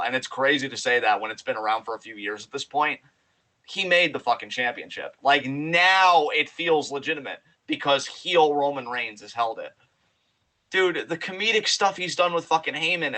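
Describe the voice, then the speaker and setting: A man co-hosting a podcast in loose, casual chat. He sounds excited and animated and swears freely, his voice pitched a little high with a bright, forceful edge. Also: rough recording. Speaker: podcast co-host.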